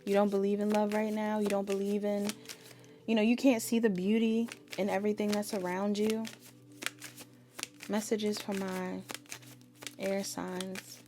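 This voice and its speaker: A woman's voice: medium pitch, little pitch movement, measured pace, pauses often, mellow, slight background noise. A woman giving a casual tarot reading, chatting straight to her viewers. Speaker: tarot reader.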